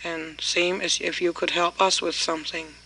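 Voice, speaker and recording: A man voicing a slow stone-clad giant. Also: a little high, little pitch movement, sharp tone, slight background noise, poor audio. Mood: conciliatory. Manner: plain spoken, repetitive.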